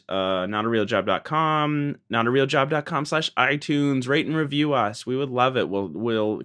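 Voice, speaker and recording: A man co-hosting a podcast in casual chat, playful and teasing, with his tone leaping between high and low. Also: a bit bright, clear, resonant tone. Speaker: podcast co-host.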